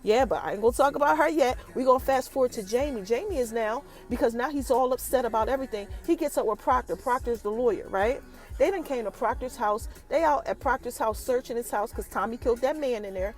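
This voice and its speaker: A woman hosting a podcast, recapping a TV episode in a lively, chatty way and talking straight to her listeners. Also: a little high, fast talker, soft background music. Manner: animated, chatty, addresses listeners directly. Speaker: podcast host.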